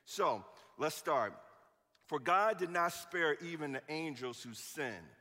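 A man from Chicago preaching a sermon, telling jokes in an animated, playful way. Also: a little high, slow, in a large hall. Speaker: pastor.

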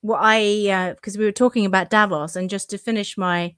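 A woman's voice: mid-range voice, steady tone, fairly quick, fairly bright tone, clean tone, dry recording, clean studio sound. A woman co-hosting a podcast in casual chat, hesitant with many restarts and frequent laughter. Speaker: podcast co-host.

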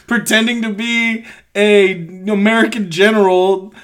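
A man's voice: sits high, steady tone, a little slow, a bit bright. A man co-hosting a casual movie recap chat, swearing often and laughing as he mocks the plot. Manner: profane, laughing, mocking. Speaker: podcast co-host.

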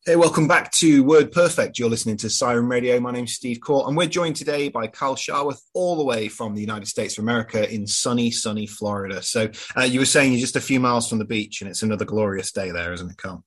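Husky British man hosting a radio talk show. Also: mid-range voice, quick pace, few pauses. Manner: relaxed and chatty, with many fillers. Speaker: radio presenter. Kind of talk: casual radio interview.

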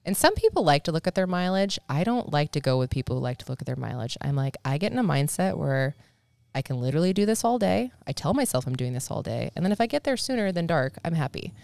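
A woman with a low, smooth, resonant voice chats as a podcast guest. She tells her story animatedly, swears easily and acts out what others said. The recording is close and dry. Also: big pitch swings, fast, darkish tone, no room sound. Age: adult, married. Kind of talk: casual storytelling chat.

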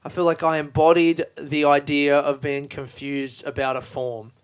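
A man's voice: fairly high pitch, little pitch movement, normal speed, clean tone. A man hosting a podcast on his own, talking in a rambling, frank, self-mocking way and swearing often. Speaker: podcast host and stand-up comedian. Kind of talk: casual solo podcast monologue.

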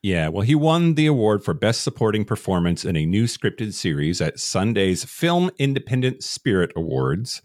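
A man's voice: fairly low pitch, sing-song, normal speed, few pauses, darkish tone, dry recording, clean studio sound. A man co-hosting a casual podcast, chatty, laughing often and talking with fillers and restarts. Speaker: podcast co-host.

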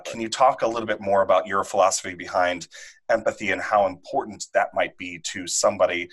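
A man hosting an interview, asking his guest thoughtful, measured questions. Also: low voice, a bit bright, breathy edge, low-quality recording. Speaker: podcast host. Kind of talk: interview host.

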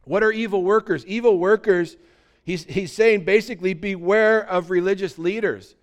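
Male pastor, sermon delivery, slightly high and smooth, dynamic from soft to shouted emphasis. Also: normal speed, muffled recording. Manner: swings from quiet teaching to loud, high-pitched emphatic outbursts.

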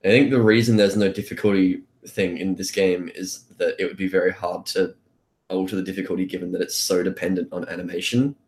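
A man's voice: deep voice, flat delivery, a little fast, darkish tone. A man co-hosting a podcast, chatting casually about games in a dry, brief way. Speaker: podcast co-host. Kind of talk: casual game discussion. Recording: roomy echo.

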